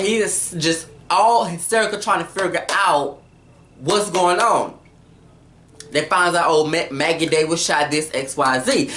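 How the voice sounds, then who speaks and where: A woman giving an animated, talkative episode recap and acting out the scenes. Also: on the low side, roomy sound, a little hiss or hum. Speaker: TV recap vlogger.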